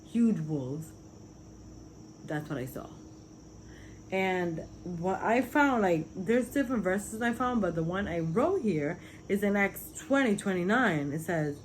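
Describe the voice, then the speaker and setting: A Puerto Rican woman vlogs about her spiritual visions in an expressive, medium-pitched voice at a slow pace. The recording is rough, with a slight hiss or hum, and her casual testimony is sincere and rambling, full of fillers.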